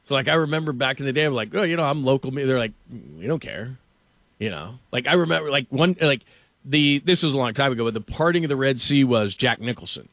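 A man's voice: mid-range voice, quick pace, fairly bright tone, no room sound. A man hosting sports talk radio, telling a story in a rambling, casual way, laughing often and filling with "like".

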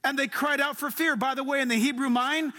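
A man's voice: very high voice, steady tone, brisk, sharp tone. A man preaching a sermon to a congregation, emphatic and drawn out, with sudden swells. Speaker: pastor. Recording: long hall reverb.

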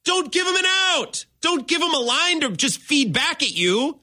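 A man's voice: very high-pitched, sing-song, moderate pace, bright, forceful tone, dry recording. A man hosting a sports talk radio show, ranting emphatically with mock exasperation. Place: radio studio.

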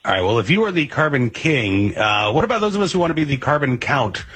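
Husky male radio host. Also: mid-range voice, very animated, fast, fairly bright tone. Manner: casual, rambling questions with fillers. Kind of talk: radio interview.

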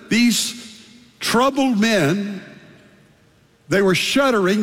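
Older man, pastor, emphatic sermon, repeats phrases in lists, high voice, long hall reverb. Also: fairly bright tone.

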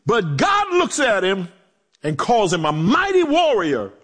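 A male pastor preaching a sermon, animated, acting out quotes in low voices and joking with the congregation. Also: unhurried. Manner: animated preaching with swooping pitch and dramatic drops.

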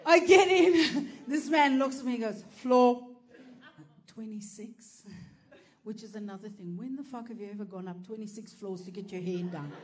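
A woman telling a stand-up comedy story, swearing freely and breaking into loud, animated bursts. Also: medium pitch, fairly quick, hardly any pauses, a little hiss or hum. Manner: animated, profane, bursts into shouting.

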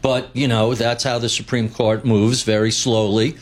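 A man's voice: mid-range voice, flat delivery, moderate pace. A man speaking as a guest on a live financial show, blunt and opinionated with wry asides. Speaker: guest investment commentator. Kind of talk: live financial talk interview.

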